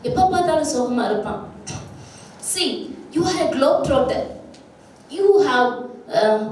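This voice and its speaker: A high-pitched woman with a Tamil accent lectures on literature in an emphatic, teacherly way, going back over her key lines. She is a native Tamil speaker and speaks as an English professor. Her voice comes from some distance away in a very echoey hall, with faint noise underneath. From Tamil Nadu, India. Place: large lecture hall at a college.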